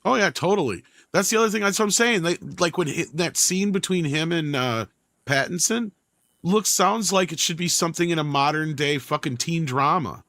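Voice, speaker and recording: A man on a pop-culture podcast panel, chatting casually in a blunt, profane, animated way. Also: fairly high pitch, moderate pace, no room sound. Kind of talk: casual chat.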